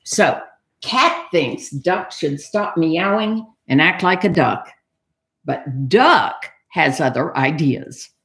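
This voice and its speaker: A woman librarian reading a picture book aloud to young children, animated and explaining things simply. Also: deep voice, slow. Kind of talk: children's storytime read-aloud.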